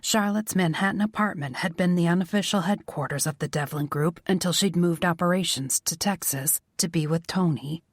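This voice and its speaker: A woman narrating a romance audiobook in a soft, measured reading. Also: fairly low pitch, no room sound, clean studio sound. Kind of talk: scripted narration.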